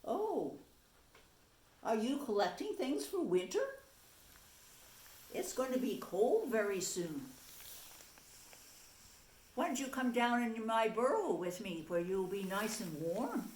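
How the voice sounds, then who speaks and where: A woman's voice: on the high side, big pitch swings, slow pace, long pauses, a little mellow, slight background noise. A woman voicing a friendly chipmunk who kindly invites a mouse in, read in a roomy space. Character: friendly chipmunk gathering for winter. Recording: roomy echo.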